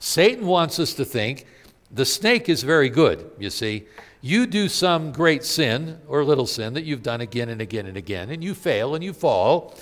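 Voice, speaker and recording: Male pastor, sermon delivery, emphatic and questioning, very expressive pitch. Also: normal speed, big-room sound. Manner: animated, emphatic preaching with rhetorical questions.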